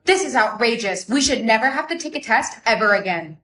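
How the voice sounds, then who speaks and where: A woman's voice: fairly high pitch, expressive, fairly quick, pushed and bright, reverberant. A synthetic text-to-speech woman's voice playing a broke, sarcastic teenage girl in a storytime. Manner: blunt, sarcastic. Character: broke teenage girl Bailey, sassy and blunt.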